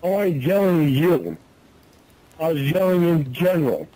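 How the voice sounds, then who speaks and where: High pitched guy screaming and cussing on a phone call, super heated. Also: very animated, normal speed, dry recording. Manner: yelling, heavy swearing. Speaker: caller in archived phone recording.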